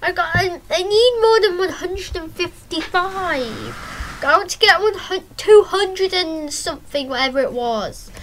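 A woman's voice: very high voice, unhurried, a bit bright, a little hiss or hum. A woman giving rambling, hesitant gameplay commentary with lots of ums, breaking into yelps and exclamations as the game action happens. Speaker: gameplay channel host.

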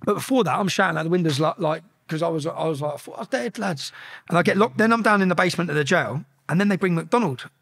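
A man telling a story as a podcast guest, animated and profane, acting out shouted exchanges. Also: on the high side, quick pace, hardly any pauses. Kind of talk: casual storytelling.

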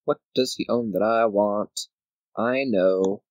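On the low side and a little mellow, a man's voice moves at a slow pace as he plays a board game video game. He mutters to himself, counts squares aloud, and grumbles at his opponent in mock anger, heard through poor audio with no room sound.

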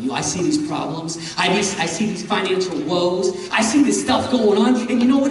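A man with a high voice preaches a fervent sermon, hammering phrases again and again and building to shouts. He sounds far from the mic in a big church hall with a long, heavy echo, and there is a faint hiss under him. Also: normal speed. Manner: repeats phrases for emphasis. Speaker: guest preacher. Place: church sanctuary.

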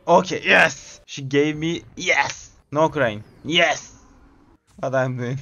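A man, excitedly commenting on his own gameplay, repeating short exclamations in English. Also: on the high side, slow pace, highs cut off. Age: 20s. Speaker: gamer streamer.

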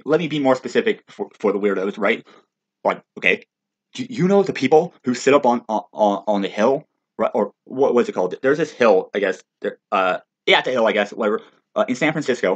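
A man in a rambling, profane monologue rant, stammering and restarting, with heated loud outbursts. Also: medium pitch. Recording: dull lo-fi recording.

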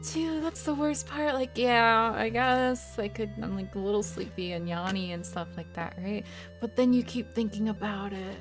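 Streaming a game from her desk at home, a woman speaks a little slowly in a mid-range voice, with faint music behind her. She's playful and giggly in casual chat and keeps apologizing to her viewers.

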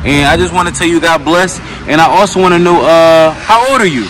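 A man's voice: on the high side, fairly quick. Earnest man on a noisy street. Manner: earnest, repeats himself, emotional and caring. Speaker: street vlogger interviewing people. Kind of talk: casual street interview. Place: outdoors on a city street. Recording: street traffic noise outdoors.

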